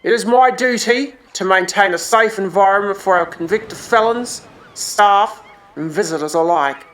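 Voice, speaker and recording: A woman's voice: mid-range voice, normal speed, lightly acted. A woman voicing a stern, militant male senior prison guard, commanding and clipped.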